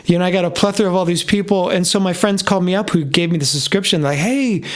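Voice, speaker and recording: A man's voice: high-pitched, rapid-fire. A man in his fifties, a pastor, earnestly and emotionally telling his personal story in an interview. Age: 50s. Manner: earnest, openly emotional, animated retelling. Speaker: guest, pastor.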